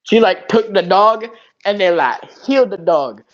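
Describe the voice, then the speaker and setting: Male tabletop player, slightly high voice, rambling, filler-heavy, dull dry lo-fi audio. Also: animated, normal speed. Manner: rambling, repeats himself, frequent fillers. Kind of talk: casual game table chat.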